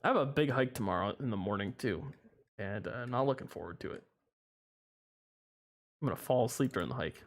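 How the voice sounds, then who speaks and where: A man's voice: mid-range voice, lively intonation, a little fast, long pauses. A young man streaming a game, chatting casually with viewers in a rambling, chuckling way, and sleepy at times. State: sleepy, yawning. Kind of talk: casual livestream commentary.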